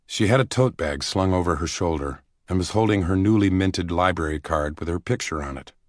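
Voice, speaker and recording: A man narrating a thriller audiobook in a measured, even storytelling manner. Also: low voice, dry recording, studio quality.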